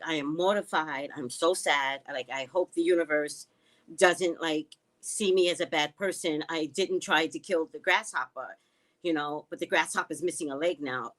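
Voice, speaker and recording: A woman hosting a casual live stream from home, telling stories sarcastically, swearing often and reading viewer comments aloud. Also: sits low. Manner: sarcastic, animated storytelling with frequent swearing.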